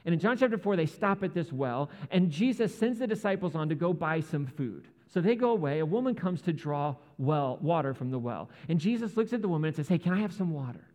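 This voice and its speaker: A man preaching a sermon as pastor, telling the story in a lively, casual way and acting out the voices in it. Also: fairly high pitch, fairly quick, hardly any pauses, in a large hall.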